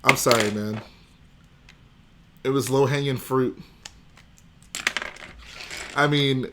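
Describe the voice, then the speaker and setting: A man's voice: medium pitch, fairly even intonation, slow pace, pauses often, a bit bright, slight background noise. A young man hosting a casual livestream, joking and chatting with his viewers. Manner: joking, chatty, responds to chat. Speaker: livestream host.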